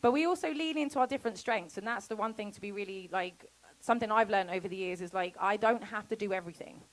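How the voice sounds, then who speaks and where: A woman giving a casual festival talk about homesteading, chatty and quick to laugh, acting out quoted conversations. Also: mid-range voice, rough recording. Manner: chatty, laughs often, acts out quoted exchanges. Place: festival talk before an audience.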